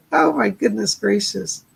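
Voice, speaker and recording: Gravelly, husky-voiced man giving readings. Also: high-pitched, animated, slow. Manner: gentle, reassuring, chatty advice-giving. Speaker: psychic medium, live-stream host. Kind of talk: casual live-stream readings.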